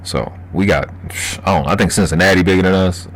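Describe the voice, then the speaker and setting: With a low, breathy-edged voice and a fairly quick delivery, a livestream host from Baltimore talks casually and curses freely. He laughs, reads the chat aloud, and answers his viewers in his Baltimore accent.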